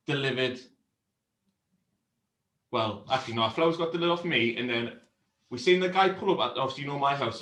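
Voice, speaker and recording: A man's voice: mid-range voice, reverberant, rough recording. A man, co-hosting a casual beer show, telling a story with lots of swearing and laughter. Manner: animated storyteller, swears freely, laughs often. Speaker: co-host of a beer review show.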